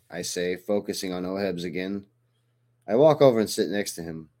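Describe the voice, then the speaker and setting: A man narrating a first-person audiobook in a steady, even storytelling manner. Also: sits low, normal speed.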